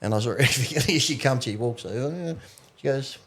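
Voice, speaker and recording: A man talks at a quick clip in a casual podcast chat. He swears freely and acts out what other people said as he tells his stories. His voice sits at a middle pitch. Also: a bit bright. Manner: swears freely, acts out quotes while storytelling. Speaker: podcast guest.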